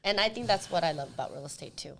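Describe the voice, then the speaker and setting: A woman, a real estate professional, chatting as a guest on an interview podcast in a soft-spoken, relaxed way. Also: lowish voice, quick pace, gravelly, slight background noise. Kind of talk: casual interview chat.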